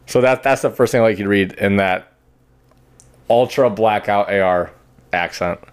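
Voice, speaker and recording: A man's voice: on the low side, normal speed, smooth. A man hosting a podcast, chatting crudely, swearing and laughing often. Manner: laughs often, swears, trails off mid-sentence. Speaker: podcast host. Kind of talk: crude casual chat.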